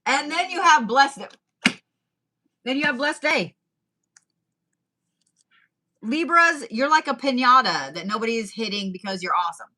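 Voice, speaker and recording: A woman's voice: fairly high pitch, lively intonation, a little slow, long pauses, pushed and bright. A woman giving a casual tarot reading, chatty and profane, with laughing asides. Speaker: tarot reader.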